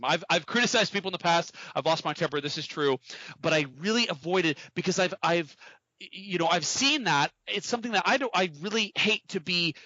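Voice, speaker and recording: A man talks earnestly on a casual podcast, urging listeners to take action, and he stumbles and restarts as he goes. His voice is a little high and bright. The sound is dry and slightly dull. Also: no room sound. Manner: earnest, motivational, many restarts. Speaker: podcast co-host.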